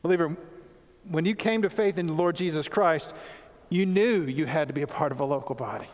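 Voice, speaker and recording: A pastor preaching a sermon in earnest, emphatic tones, repeating key points for weight. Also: male voice, on the high side, fairly quick, in a large hall.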